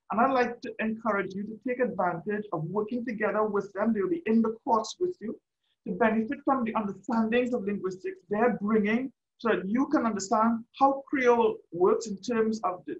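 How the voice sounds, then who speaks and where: An educator giving an orientation talk to students, explaining calmly with a few restarts. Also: mid-range voice. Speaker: teacher educator. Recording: dull lo-fi sound.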